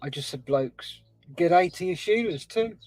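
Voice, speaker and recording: Co-hosting a casual livestream, this man has a high, animated voice with a darkish tone and speaks at a measured pace. There's no room sound, just faint music behind, as he reads out live chat comments with laughs and talks with his guest.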